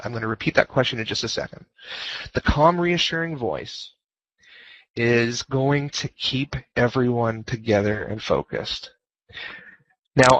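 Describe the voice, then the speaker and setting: A man with a mid-range, slightly bright voice and no echo gives an informal guest lecture on leading fleets over a headset, joking casually and repeating his key points. The voice chat audio sounds dull and lo-fi.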